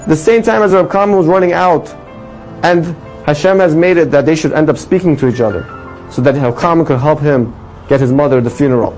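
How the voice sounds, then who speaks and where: A man's voice: fairly high pitch, a little fast, a little mellow, soft background music, low-quality recording. A man telling an inspirational story to an audience as a rabbi, emphatic and full of rhetorical questions. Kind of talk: storytelling talk.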